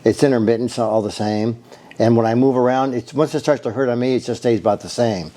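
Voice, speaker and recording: Man, casual testimonial, rambling storyteller, earnest, mellow dark voice. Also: medium pitch, quick pace. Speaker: bodywork therapist giving a patient testimonial.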